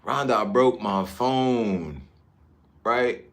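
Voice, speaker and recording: A man from Newark, New Jersey, livestreaming casually from a high-rise hotel room on his phone and chatting with viewers about their comments. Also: drawn-out words. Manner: laid-back, chatty, drifts between comments. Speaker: livestream vlogger.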